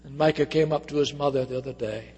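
A middle-aged man preaching a sermon as a pastor, swinging between loud emphasis and soft hushed moments. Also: medium pitch, fast talker, breathy edge. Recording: reverberant church hall.

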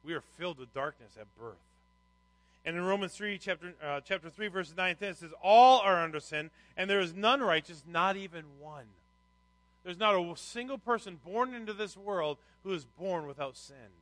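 A man's voice: high voice, animated, normal speed, a bit bright, dry recording, poor audio. A middle-aged man preaching a sermon as a pastor, reading scripture and telling anecdotes with rising emphasis.

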